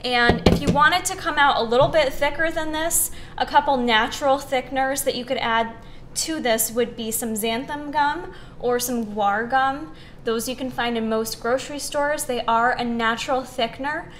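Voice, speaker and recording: A woman's voice: high-pitched, moderate pace, a little hiss or hum. A young woman hosting a casual recipe demonstration, chatty and upbeat, with lots of "um" and "like". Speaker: fitness recipe host.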